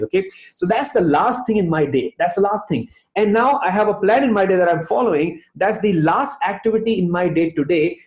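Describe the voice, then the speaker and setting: A man's voice: high voice, a little mellow, reverberant. A man giving an emphatic motivational talk to an online audience, repeating phrases for effect. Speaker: motivational speaker.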